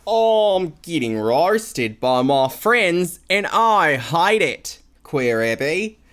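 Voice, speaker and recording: A man reading a listener's letter in a put-on Australian accent that slides toward British, voicing a fed-up young advice-seeker in a drawn-out, exaggerated way. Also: on the high side, sing-song, a bit bright, voice pushed up, full character voice. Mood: exasperated. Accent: mock Australian drifting British.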